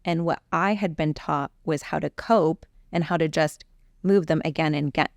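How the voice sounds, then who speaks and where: A middle-aged woman coach telling a personal story in an interview, animated and acting out quoted exchanges. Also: low voice, moderate pace, no room sound, studio quality.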